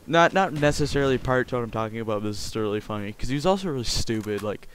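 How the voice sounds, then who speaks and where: A man's voice: medium pitch, expressive, rapid-fire. A sixteen-year-old boy from Canada, rambling crudely and jokingly through casual gameplay commentary. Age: teens. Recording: game gunfire noise behind voice.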